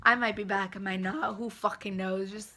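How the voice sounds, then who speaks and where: A woman's voice: mid-range voice, fairly even intonation, normal speed, bright, forceful tone. A young woman telling a storytime vlog in casual, profane talk, filled with "like" and angry rants. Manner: profane, heavy use of "like", rants. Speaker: vlogger.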